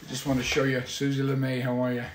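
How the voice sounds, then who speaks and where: A man hosting a casual livestream from his home, talking in a rambling, halting way with many fillers. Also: mid-range voice, completely flat delivery, roomy sound, very noisy. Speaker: musician hosting a weekly livestream.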